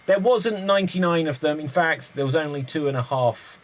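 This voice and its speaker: Brisk improv host, man, slightly high voice. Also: rough recording. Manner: brisk, calls on players by name. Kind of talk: hosting an online improv game.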